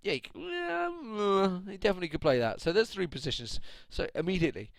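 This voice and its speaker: A man's voice: high voice, wildly swooping pitch, fast, creaky, dry recording. A man from the UK, casting a match alone on a live stream, chatty, often laughing and ranting at his chat. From United Kingdom. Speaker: esports caster. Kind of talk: solo live stream commentary.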